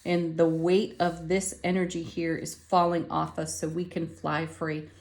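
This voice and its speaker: Gentle low-voiced woman reading cards. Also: level tone, unhurried. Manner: gentle, affirming, with soft laughs. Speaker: tarot card reader. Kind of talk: spiritual card reading.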